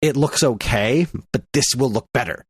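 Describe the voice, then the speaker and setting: A man's voice: medium pitch, normal speed, breathy edge, no room sound, clean studio sound. A man co-hosting a podcast, chatting casually and in a distracted, self-deprecating way. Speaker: podcast co-host. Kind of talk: casual chat.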